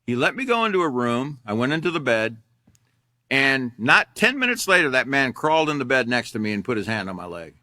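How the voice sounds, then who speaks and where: Bright, dry-voiced male instructor. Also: medium pitch, very animated, a little fast, no echo. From Alaska. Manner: candid, conversational storytelling with many fillers. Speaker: character education instructor. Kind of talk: classroom lecture with personal story.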